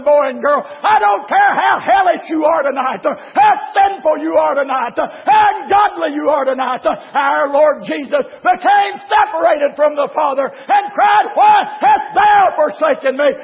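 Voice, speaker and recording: A man preaching a fiery sermon, shouting in a chanting cadence, with a gravelly voice, recorded in a church. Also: very high-pitched. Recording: tinny phone-like recording in a reverberant hall.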